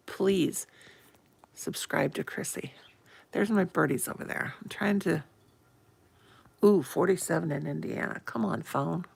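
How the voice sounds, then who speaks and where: A woman in her fifties, a little hoarse, chatting live to viewers from her phone at home and greeting them with pet names. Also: deep voice, unhurried, dry recording. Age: 50s. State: a bit hoarse. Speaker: live-stream host. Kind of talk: casual live-stream chat with viewers. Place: home, indoors.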